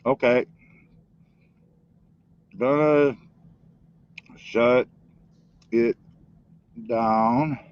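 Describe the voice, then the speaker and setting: A man's voice: mid-range voice, fairly even intonation, drawn-out words, pauses often, clear, resonant tone. A man talking casually on a live stream, filling in for the host in a rambling, chatty way. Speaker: stand-in streamer. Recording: dull lo-fi dry stream audio.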